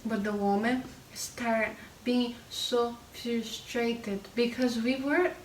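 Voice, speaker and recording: A woman's voice: a little high, fairly even intonation, reverberant. Hesitant woman, distant faint-noise mic. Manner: hesitant, halting English with fillers. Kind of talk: casual storytime chat.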